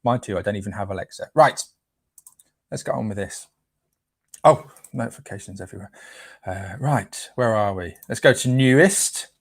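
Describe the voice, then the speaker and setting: A man's voice: lowish voice, normal speed, vocal fry, pauses often, no room sound. A man hosts a casual live stream, chatting playfully and tripping over names as he reads them out.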